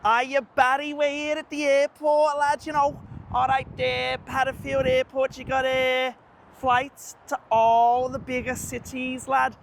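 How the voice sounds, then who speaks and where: A man's voice: very high-pitched, completely flat delivery, a little slow, creaky, fairly bright tone, slight background noise, pitched above the performer's own voice, full character voice. A man putting on a chatty, rambling Liverpool lad with a Scouse accent, talking outdoors. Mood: cheeky. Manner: chatty, rambling, sing-song. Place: outdoors by a busy airport.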